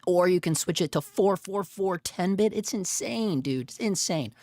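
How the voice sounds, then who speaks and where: A man's voice: high-pitched, lively intonation, normal speed, a little mellow, no echo. Laid-back rambling man hosting a livestream. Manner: rambling, laid-back, says "dude" and "you know" a lot. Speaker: livestream host. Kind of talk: casual live-stream chat.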